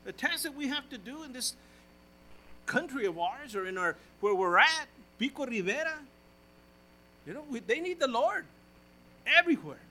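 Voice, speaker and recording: A male pastor preaching a sermon in church, calling out to the congregation and switching between loud exhortation and hushed, folksy storytelling. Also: very high voice, very animated, normal speed, pauses often, rough recording.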